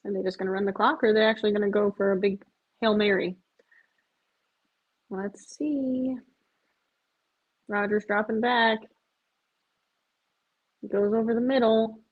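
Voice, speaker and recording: Woman streamer, husky higher voice, casual play-by-play chatter, muffled lo-fi mic. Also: flat delivery, measured pace, long pauses. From US Midwest. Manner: chatty, frequent "like", swings to loud disbelief at big plays. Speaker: sports streamer watching a game live. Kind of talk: casual live-watch commentary. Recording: dull lo-fi sound.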